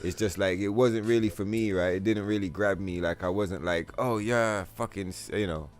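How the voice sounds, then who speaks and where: A man's voice: deep voice, a little fast. Profane, rambling male stream host. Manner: profane, rambling, animated, many fillers like "like" and "man"; reads chat aloud and answers viewers. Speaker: livestream host. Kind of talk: casual gaming stream chat. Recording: faint music behind the voice.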